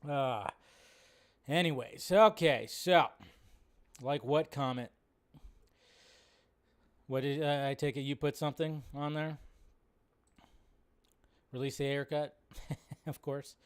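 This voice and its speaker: A man's voice: a little high, fairly even intonation, slow, long pauses, smooth. Rambling male live-stream movie host. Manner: rambling, loose and conversational, lots of fillers. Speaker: host of a live film news show. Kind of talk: casual live-stream chat.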